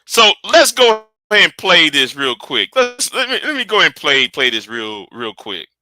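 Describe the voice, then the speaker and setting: A man hosting casual commentary, animated and rambling, often restarting and sinking to mutters. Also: on the high side, normal speed, dry recording. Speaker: commentary host.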